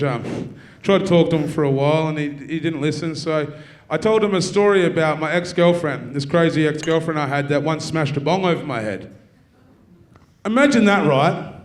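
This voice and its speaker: A man with an Australian accent doing a stand-up comedy set, telling dark stories in a profane, deadpan way. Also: fairly high pitch. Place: university theatre with live audience.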